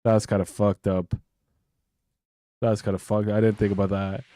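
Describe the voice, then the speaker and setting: A man's voice: fairly low pitch, flat delivery, moderate pace, dark tone. A young man streaming a game, chatting casually with a stuffy nose, rambling and swearing often. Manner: rambling, swears a lot, restarts sentences. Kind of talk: casual live-stream chat.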